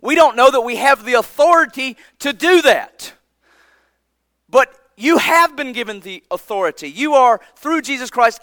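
A man preaching a sermon, earnest and emphatic, often dropping his voice low for effect. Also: lively intonation, a little fast, bright, forceful tone, no room sound. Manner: earnest, emphatic preaching with dramatic drops in volume.

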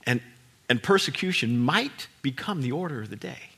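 A man preaching a sermon as pastor, swinging from hushed, low lines to loud shouted peaks and repeating words for emphasis. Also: expressive, normal speed, creaky, husky.

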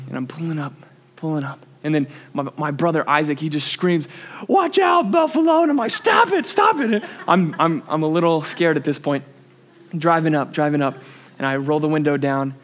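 A young man gives a sermon. His voice sits a little high, and he tells a personal story with animated energy, laughing at himself along the way. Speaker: youth pastor.

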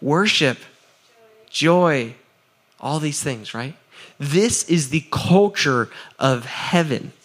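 A man preaches to a crowd with a fairly high voice. He keeps it lively and casual, throws questions out to the listeners, and laughs between points. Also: very slow. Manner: energetic, asks the crowd for answers; laughs often, repeats "right?". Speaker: pastor. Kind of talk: sermon.

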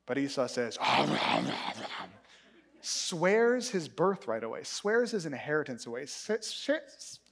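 Animated high-voiced male preacher. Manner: animated storytelling, acting out characters in quick voices. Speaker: pastor. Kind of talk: sermon.

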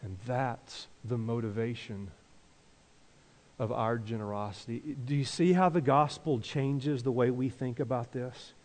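A man's voice: medium pitch, unhurried, darkish tone. A male pastor preaching a conversational sermon. He asks the congregation questions and leads them in call-and-response. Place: church sanctuary. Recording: long reverb of a large church hall.

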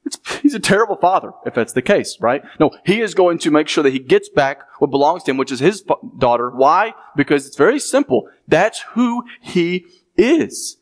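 A man's voice: a little high, very animated, a little fast, hardly any pauses. Emphatic man preaching a sermon. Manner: emphatic, asks the congregation questions. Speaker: pastor.

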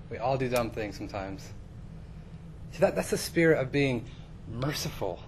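A man's voice: medium pitch, lively intonation, moderate pace, slight background noise. A man preaching in a casual storytelling way, chatty and self-deprecating with many fillers.

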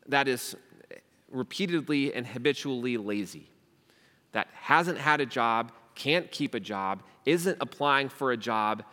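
A man's voice: mid-range voice, bright, forceful tone, in a large hall. A young man preaching a sermon as pastor, emphatic and asking rhetorical questions. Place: church hall.

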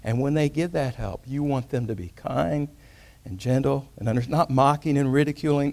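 A man preaching a sermon, telling a story and swinging between loud emphatic rises and quiet hushed moments. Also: mid-range voice, normal speed, gravelly. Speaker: pastor.

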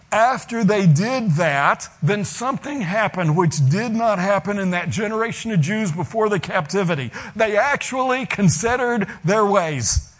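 A man with a notably high voice delivers a teaching sermon. He preaches with emphatic, deliberate phrasing and leans hard on the words he wants to stress.

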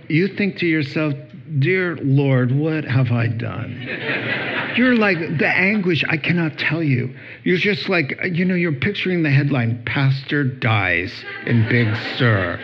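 A husky man with a slightly raised pitch delivers a sermon at an unhurried pace. He preaches conversationally, with jokes and exclamations, to a church congregation. The recording sounds dull and low-fidelity. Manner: lively, humorous, conversational preaching. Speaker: pastor. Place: church hall before a congregation.

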